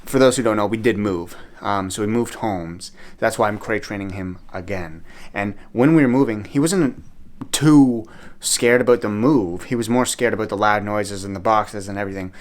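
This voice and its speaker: A man's voice: lowish voice, normal speed. A man chatting to camera in a room at home, giving upbeat, earnest advice as a dog owner. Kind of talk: casual vlog talk to camera.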